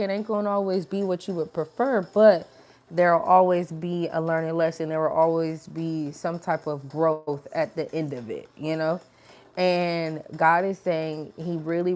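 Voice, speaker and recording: Her pitch is fairly low and a little mellow as this woman, a spiritual message creator, chats casually with viewers to lift their spirits. She calls everyone y'all and slips into different voices for quoted lines.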